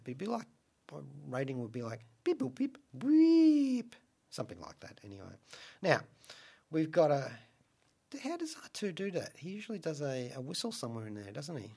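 A man hosting a radio show, reviewing films in a casual, rambling, wry way. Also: medium pitch. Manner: rambling and wry, many asides. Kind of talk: casual film review monologue.

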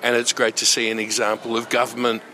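Bright-voiced Australian radio host. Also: male voice, mid-range voice, monotone, fast, a little hiss or hum. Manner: chatty and enthusiastic, with many fillers. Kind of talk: community radio chat.

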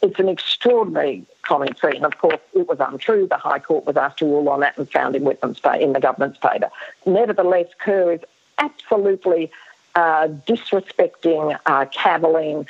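A woman's voice: low-pitched, brisk, husky. A woman historian, losing her voice, speaks emphatically as a guest in a radio interview and often restarts her sentences. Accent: Australian. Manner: emphatic, many restarts and fillers. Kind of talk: radio interview over the phone. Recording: tinny phone line.

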